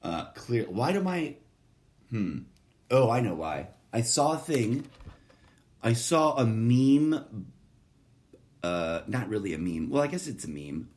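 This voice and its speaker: A man's voice: medium pitch, very animated, slow pace, long pauses, a little mellow. A man hosting a solo podcast, talking in a profane, sardonic, rambling monologue that keeps wandering off topic. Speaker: podcast host.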